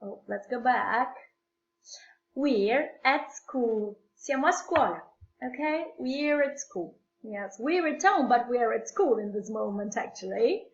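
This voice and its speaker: Slow, patient Italian-accented woman teacher. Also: fairly high pitch, lively intonation, slight background noise. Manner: patient, repeats phrases slowly for learners. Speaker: English teacher. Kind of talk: slow classroom explanation mixing English and Italian. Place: at home. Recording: echoey room, dull lo-fi sound.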